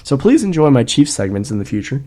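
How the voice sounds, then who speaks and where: A man's voice: mid-range voice, big pitch swings, quick pace, warm tone. A man co-hosting a podcast in casual chat, telling rambling, profane stories and laughing often. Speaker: podcast co-host.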